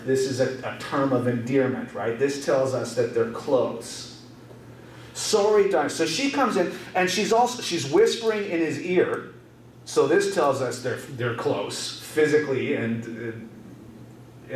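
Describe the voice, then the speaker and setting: English teacher guy, keeps going "right?", kinda high voice, sounds far from the mic in a roomy space. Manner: repetitive, checks in with rhetorical questions. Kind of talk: classroom lesson, explaining song lyrics. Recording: echoey room, distant mic, faint hum.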